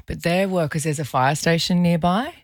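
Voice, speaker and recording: A woman co-hosting a radio show, animated, teasing and giggly. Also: on the low side, moderate pace, dry recording, clean studio sound. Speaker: radio co-host. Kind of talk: casual radio banter. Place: radio studio.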